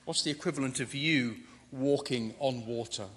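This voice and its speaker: A man's voice: medium pitch, moderate pace, a bit bright. A man preaching a sermon, dramatic and rising to emphatic declarations. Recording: long reverb of a large hall.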